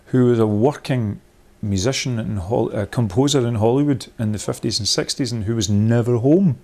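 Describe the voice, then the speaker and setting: A man of middle pitch leads a workshop, talking things through as they come to him. He circles back, restarts and laughs now and then, in a chatty, discursive way. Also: normal speed, dark tone. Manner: rambling, thinks aloud with many restarts. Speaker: workshop leader.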